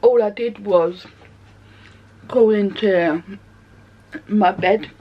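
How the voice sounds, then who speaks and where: A woman's voice: mid-range voice, very slow. A woman chatting casually in her bedroom for her vlog, rambling from one thing to the next. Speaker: vlogger. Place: bedroom at home. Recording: dull lo-fi home recording.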